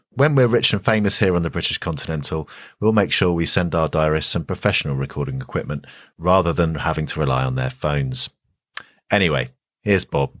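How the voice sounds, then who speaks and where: A man with a very deep voice introduces the next segment of a podcast. He reads the link lightly and wryly, and the recording sounds close and dry. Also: a bit bright, no room sound. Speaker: podcast host. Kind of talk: scripted introduction.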